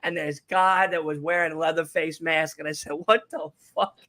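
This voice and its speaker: A man's voice: fairly high pitch, fairly quick, over a noisy crowd. A man around thirty co-hosting a casual podcast chat, telling stories animatedly, acting out what people said and swearing freely. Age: 30s. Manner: animated storytelling, acts out quotes, swears freely. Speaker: podcast co-host.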